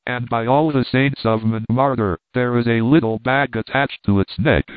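A man reading the lines of an excitable male soldier servant in an exclamatory way, with a tinny, phone-like sound. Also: mid-range voice, moderate pace, smooth, dry recording, close to an everyday voice. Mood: excited.

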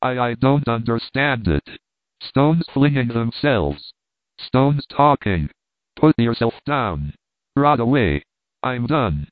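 A man's voice: mid-range voice, sing-song, slow, dry recording. A man voicing a bewildered, slangy middle-aged male tramp who blusters through his fright. The sound is thin and tinny. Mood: blustering. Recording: tinny, dry phone-like sound.

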